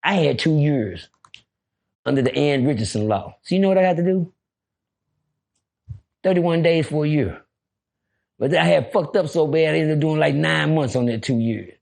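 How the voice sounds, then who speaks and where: A man telling a prison story in casual chat, loud and profane, breaking into shouts. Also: a little high, normal speed, gravelly, pauses often. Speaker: podcast guest storyteller.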